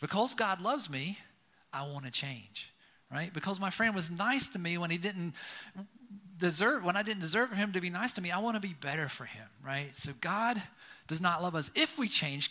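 A man's voice: sits high, expressive, moderate pace, pushed and bright. A man giving a conversational sermon, telling stories and often checking in with his listeners by asking "right?". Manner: storytelling, keeps asking "right?". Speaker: pastor.

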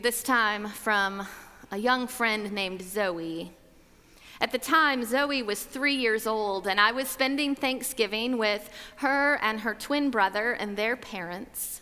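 A woman tells a personal story at an unhurried, measured pace, letting each line settle. Her voice is bright and a little high. A long hall reverb trails behind her words. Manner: slow, reflective, measured delivery. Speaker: speaker. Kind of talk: storytelling talk on gratitude.

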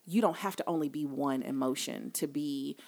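A woman's voice: sits low, moderate pace, creaky, a little mellow. A woman in casual conversation, telling stories in an earnest, emphatic way.

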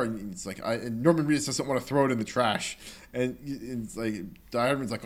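Animated rambling man chatting about games. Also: medium pitch. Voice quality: animated, rambling, mimics game characters in quick quoted bits. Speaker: podcast co-host. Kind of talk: casual chat about video games.

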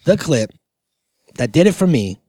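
A male podcast co-host tells stories in a loose, rambling way, padding them with fillers and swearing often. His voice sits at an ordinary middle pitch. The sound is close and dry, with no room behind it. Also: very animated, moderate pace, warm tone, no echo. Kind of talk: casual chat.

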